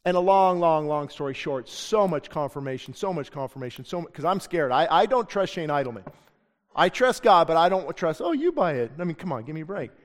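A man's voice: on the high side, brisk. Earnest male pastor preaching in a reverberant church. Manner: earnest, conversational storytelling. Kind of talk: sermon. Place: church sanctuary. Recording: long church hall reverb.

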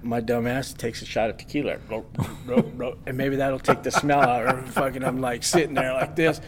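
A man guest on a podcast telling a wild story casually, animated and swearing freely as he acts out what others said. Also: medium pitch, moderate pace, a loud crowd.

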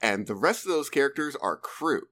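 A man's voice: mid-range voice, sing-song, brisk, a bit bright. A young man co-hosting a casual podcast, telling his points wryly and acting out little quotes. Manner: wry, storytelling with acted-out quotes. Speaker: podcast co-host. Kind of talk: casual chat.

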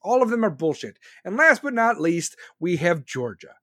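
A man in his forties with a fairly high voice, rambling bluntly through a profane political rant. The sound is dry and close, with no room around it. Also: sing-song, normal speed, sharp tone, no room sound. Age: 40s. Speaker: podcast host.

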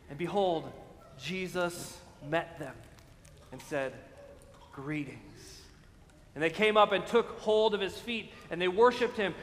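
A man with a high voice preaches to his congregation. He drags out important phrases and keeps asking "right?" His voice carries a long reverb over faint background ambience. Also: fairly bright tone, slight background noise. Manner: emphatic preaching with slow stressed phrases and frequent "right?". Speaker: pastor. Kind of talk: sermon.

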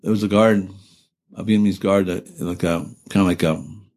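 Recalling his war service for an oral history, an older veteran with a low, deep, darkish voice rambles at a moderate pace with fairly even intonation. He swears freely, drops sentences halfway to restart, and laughs through the darkest memories.

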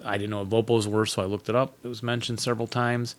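A man's voice: lowish voice, little pitch movement, fast. Chatty man co-hosting a film talk. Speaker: podcast co-host. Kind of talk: casual chat.

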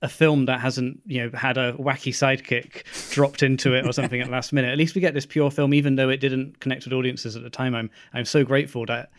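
A man hosting a casual interview who speaks in a measured way and hedges often. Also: mid-range voice, flat delivery, no room sound. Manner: measured, hedging with "sort of" and "kind of". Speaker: podcast host.

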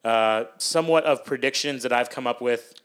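A man hosts a casual podcast with a middle-pitched voice. He is upbeat and loose, and he laughs often as he steers the conversation. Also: moderate pace, fairly bright tone, smooth. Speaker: podcast host.

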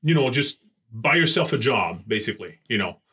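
French-accented chef guest, bright and rambling. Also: male voice, mid-range voice, animated, breathy edge. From France. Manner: rambling, halting delivery. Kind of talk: casual chat.

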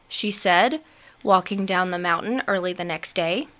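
A woman narrating a storybook aloud in an expressive, unhurried manner. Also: lowish voice.

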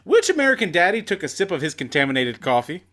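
A man's voice: on the high side, sing-song, fast, sharp tone. A man hosting a trivia round, reading questions with dry offhand jokes. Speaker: quiz host.

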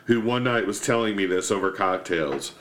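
A man co-hosting a podcast, telling an anecdote in a casual, animated way. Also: lowish voice, moderate pace, slight background noise. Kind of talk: casual chat, storytelling. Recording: roomy echo.

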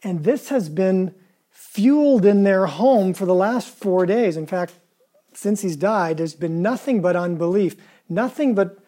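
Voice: medium pitch, expressive, measured pace, dark tone. A preacher giving a conversational sermon, asking the listeners questions and retelling scripture in casual, everyday words.

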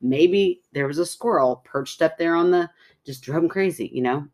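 A woman's voice: deep voice, normal speed, a little mellow. A woman co-hosting a podcast, chatting casually and reading listener stories aloud, laughing often. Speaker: podcast co-host.

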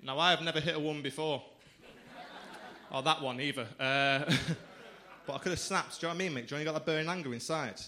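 A male comedian on a club stage, bantering with the audience in a bright, forceful voice. His pitch sits a little high for a man, and he pulls the crowd into his jokes with easy cheek. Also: quick pace, slight background noise. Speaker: stand-up comedian. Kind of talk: stand-up routine.

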